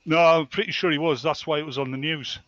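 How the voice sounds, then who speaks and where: A man's voice: on the high side, steady tone, fast, a bit bright, muffled recording, faint music behind. A man co-hosting a casual group podcast, telling jokes and groping for words. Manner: tells jokes, fumbles for words.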